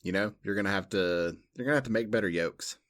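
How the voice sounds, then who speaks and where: A woman who co-hosts a podcast and teases her partner in a dry, deadpan way. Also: very deep voice, fast. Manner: dry, teasing. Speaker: podcast co-host. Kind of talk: casual chat.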